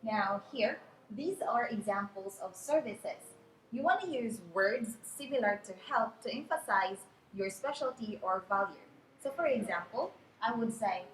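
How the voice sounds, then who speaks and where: Woman, English teacher, clear deliberate delivery, echoey room, faint noise. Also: medium pitch, expressive. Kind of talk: online business English lesson.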